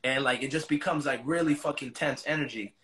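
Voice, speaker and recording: A man's voice: mid-range voice, fairly quick, a bit bright. A man as an interview guest, retelling a story in casual, profane slang.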